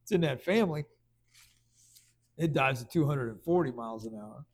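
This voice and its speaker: A man preaching a conversational sermon, stumbling over restarts and then rising into loud bursts of emphasis. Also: medium pitch, animated, normal speed.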